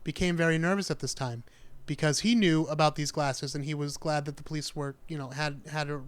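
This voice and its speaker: A male podcast host narrates a true-crime story in relaxed, chatty storytelling with dry asides. His voice is smooth and resonant, pitched slightly high. The recording is dry and close. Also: fairly quick, no room sound. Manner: chatty, dry jokes, acts out quoted people.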